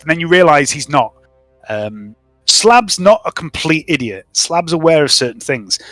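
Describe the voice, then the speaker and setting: A man runs a tabletop game, narrating with a chatty, descriptive flow. His voice is bright and lively, and the dry, close recording keeps it up front. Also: a little high, dry recording. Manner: chatty, descriptive, laughs easily. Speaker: game master.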